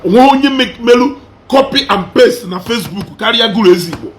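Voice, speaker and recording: A man's voice: very high-pitched, lively intonation, a little fast. A man with a Nigerian Igbo accent, switching between Igbo and English in a mocking, combative commentary, hammering the same phrases over and over. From southeastern Nigeria. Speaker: social media commentator.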